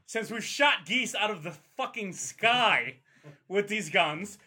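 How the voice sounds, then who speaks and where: A slow, high voice belongs to this young podcast storyteller. Chatting casually with friends, he works through a long story full of profanity, animatedly imitating the voices of the people in it.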